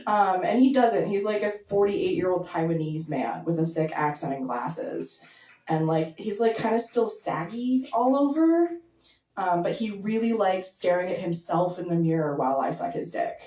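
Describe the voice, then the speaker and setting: A young woman doing a stand-up set in a basement club, talking casually and deadpan, full of likes and ums. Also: lowish voice, normal speed. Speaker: stand-up comedian. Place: basement comedy venue with audience. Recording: echoey basement, mic heard from a distance.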